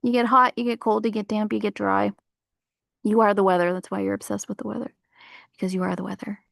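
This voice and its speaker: A woman's voice: medium pitch, fast, vocal fry, no room sound, clean studio sound. A woman livestreaming outdoors, rambling in casual chat with her viewers and filling her talk with likes and you-knows. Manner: rambling, animated, full of fillers. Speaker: livestream host.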